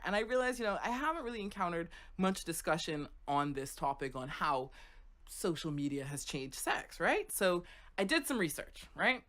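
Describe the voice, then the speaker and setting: A woman's voice: fairly low pitch, moderate pace. A woman host from Florida telling a casual, chatty story, often checking in with "right?" and "okay?". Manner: animated, conversational, frequent "right?" and "okay?".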